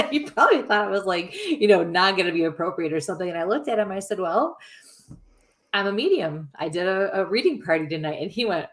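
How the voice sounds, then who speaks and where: A woman's voice: mid-range voice, expressive, fairly quick. Giggly woman podcast host. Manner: laughs often while telling stories. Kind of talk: casual podcast chat.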